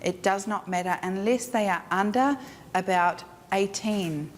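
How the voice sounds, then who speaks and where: A woman teaching a live photography workshop, frank and animated, acting out her clients. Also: mid-range voice, unhurried. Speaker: photography instructor. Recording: echoey room with faint noise.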